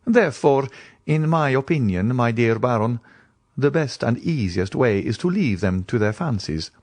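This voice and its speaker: A man voicing a courtly, ironic count in an audiobook, with polished and smoothly courteous speech. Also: medium pitch, a little mellow, dry recording, voice pushed up. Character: suave scheming male count, courtly and ironic.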